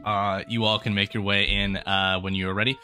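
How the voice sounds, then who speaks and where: A male game master narrating a tabletop fantasy session with a bright, crisp tone. He talks at an easy pace and fills gaps with pauses. Faint music sits beneath him. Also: on the low side. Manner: relaxed, lots of filler pauses.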